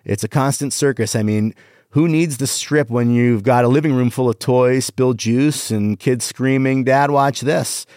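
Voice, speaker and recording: A middle-aged man hosting a casual podcast, reading corny one-liners and pushing his punchlines high in pitch. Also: moderate pace, warm tone, no echo, clean studio sound. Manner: reads jokes aloud with exaggerated rising punchlines. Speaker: podcast host. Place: Las Vegas.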